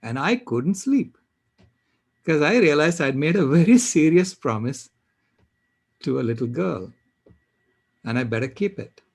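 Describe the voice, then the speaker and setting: An older man tells a personal story to a panel in an animated, emphatic way. His pitch swings up and down as he stresses points. His voice is husky with a gravelly fry. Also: measured pace, long pauses, dry recording. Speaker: panel speaker.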